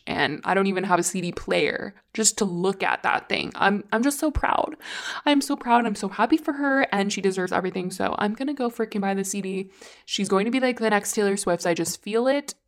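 A woman's voice: medium pitch, a little fast. A woman hosting a casual solo podcast, talking in a gushing, rambling way with lots of "like" and casual swearing. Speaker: podcast host.

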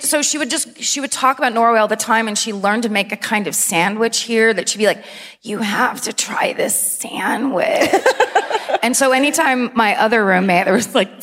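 A woman's voice: mid-range voice, fairly bright tone. Casual: woman from California, chatty laughing live-podcast host, long reverb of a theater hall. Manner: chatty, laughing, storytelling with impressions. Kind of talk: live comedy podcast banter on stage. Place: theater stage before a live audience.

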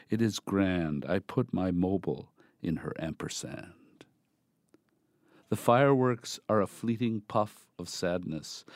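A man reading a poem aloud in a measured, deliberate recitation. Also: deep voice, a little mellow, no echo, clean studio sound. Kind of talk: poetry reading.

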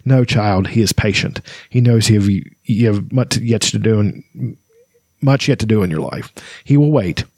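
A man reading as a gentle old god. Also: on the low side, moderate pace, creaky, no echo. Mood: tender.

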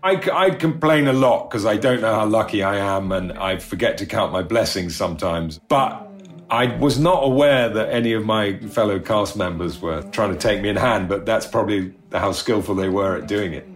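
A man's voice: on the low side, expressive, normal speed. A middle-aged man telling rambling, self-deprecating stories in a casual interview, laughing often. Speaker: actor recalling a show.

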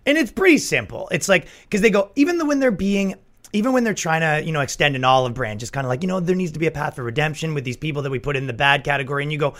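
Podcast host, man, bright voice, rambling animated storyteller, casual monologue. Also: a little high, rapid-fire.

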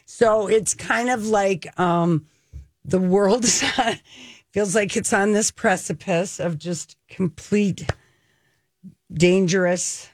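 A woman co-hosting a radio talk show, chatting and telling stories in an animated way. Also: mid-range voice, takes it slowly, no room sound, clean studio sound. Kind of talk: casual chat. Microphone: studio mic.

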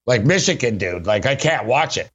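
A man's voice: medium pitch, expressive, moderate pace, a bit bright, slightly rough, highs cut off. A middle-aged man hosting a sports radio show, talking bluntly and rambling about betting and football. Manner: rambling, blunt, keeps saying "big man". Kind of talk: casual sports betting talk.

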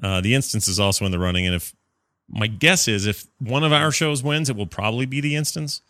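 A man's voice: on the low side, a little fast, bright, forceful tone, dry recording, studio quality. A man hosting a podcast in casual, joking chat with a co-host. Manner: chatty, joking, self-deprecating.

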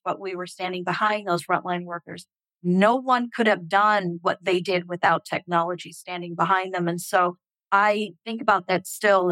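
An older woman from England, a hospital technology executive, talking in a casual interview with animated, storytelling delivery. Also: no room sound. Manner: animated, expressive storytelling with quick pitch jumps. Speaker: hospital chief information officer, guest.

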